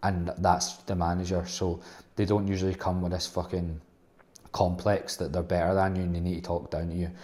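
A man's voice: sits low, level tone, fairly quick, darkish tone. A young man telling a rambling, blunt and sweary personal story as a casual vlog host.

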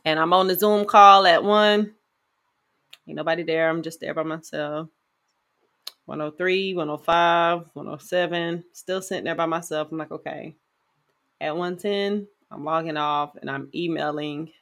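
A woman co-hosting a casual podcast, telling stories in an animated, slangy way and talking to her listeners. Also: low-pitched, normal speed. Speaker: podcast co-host. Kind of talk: casual chat, storytelling.

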